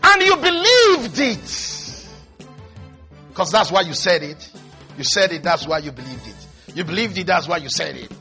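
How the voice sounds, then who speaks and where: High, bright-voiced man preaching emphatically. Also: very animated, a little slow, faint music behind. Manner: emphatic, repetitive preaching with sudden loud rises. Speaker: pastor. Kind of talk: sermon.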